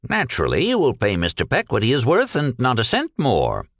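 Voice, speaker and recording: A man's voice: mid-range voice, wildly swooping pitch, fairly quick, no room sound, studio quality, voice pushed up. A man reading aloud and voicing a shrewd, genial retired old businessman who talks in a purring, folksy way. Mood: stern.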